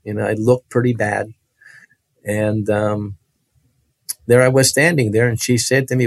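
Male guest, earnest testimony, halting delivery, dry close sound. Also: fairly low pitch, fairly even intonation, vocal fry, dry recording. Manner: earnest, halting, restarts with laughs. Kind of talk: personal testimony storytelling.

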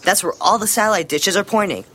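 A woman's voice: mid-range voice, fast, a bit bright, close to an everyday voice. A woman voicing a determined child who plots a daring plan in a radio drama, matter-of-fact and bold. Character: bold, scheming kid club vice president.

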